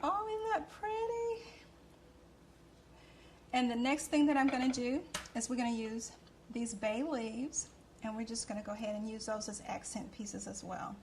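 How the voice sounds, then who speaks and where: A woman's voice: on the high side, steady tone, normal speed, a little mellow, slight background noise. Gushing Southern woman cooking show host. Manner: gushing and effusive. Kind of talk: cooking demonstration.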